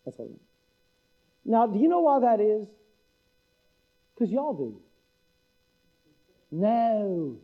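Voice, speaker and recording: Middle-aged male preacher, folksy, high voice, muffled lo-fi sound. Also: huge pitch swings, unhurried, long pauses. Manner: folksy, mimics local speech for laughs. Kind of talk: sermon. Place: church hall.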